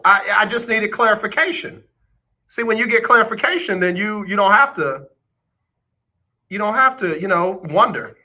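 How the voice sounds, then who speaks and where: A male radio host chats with his listeners in a teasing, joking way. His voice sits a little high and rings bright and forceful. He talks straight to the audience like old friends. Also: lively intonation, moderate pace. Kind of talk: casual joking radio chat.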